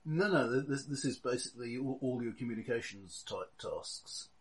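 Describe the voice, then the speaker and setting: Game master with dry humor. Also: male voice, mid-range voice, lively intonation, normal speed, a crowd in the background, poor audio. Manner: chatty, dry humor, helpful. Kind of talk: casual tabletop game chat.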